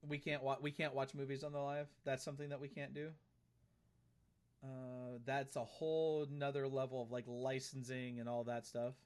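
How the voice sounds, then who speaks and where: A man in an ordinary mid-range voice hosts a live game stream. He reads his chat out loud and replies in loose, friendly talk, often saying the same phrase two or three times over. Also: medium pitch, little pitch movement, normal speed, smooth. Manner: chatty, reads and answers chat aloud, repeats phrases.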